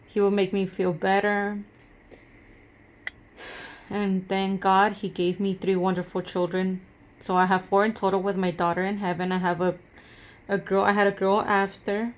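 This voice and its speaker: A woman in her thirties talking earnestly to camera in a personal vlog. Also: medium pitch. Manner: earnest, conversational, emotional at times. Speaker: vlogger.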